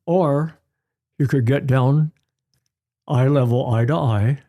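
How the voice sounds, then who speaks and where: An older man, a pediatrician guest, telling stories in an unhurried way and repeating his key phrases during an interview. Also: mid-range voice, dark tone. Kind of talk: conversational interview.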